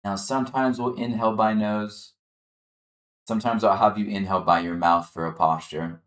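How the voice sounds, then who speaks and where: A man leading a chair yoga class, calmly guiding the listener through breathing and gentle movement. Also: lowish voice, normal speed, echoey room. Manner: calm, encouraging, guiding the breath step by step. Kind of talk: guided exercise instruction.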